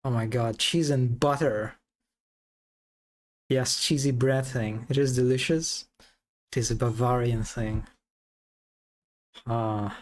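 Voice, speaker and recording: A man's voice: medium pitch, fairly even intonation, slow, pauses often. A man casually commenting while playing a game on a live stream, chatty with giggly asides.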